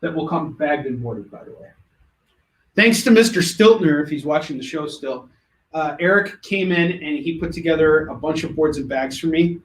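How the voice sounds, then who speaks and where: A man hosting a live comic book sales show, pitching books with joking, rambling asides. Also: slight background noise. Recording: echoey room.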